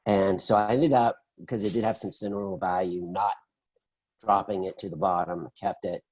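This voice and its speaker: A middle-aged man in an interview, telling his story in an animated, conversational way and acting out the voices of the people in it. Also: sits low, moderate pace, poor audio. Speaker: interview guest.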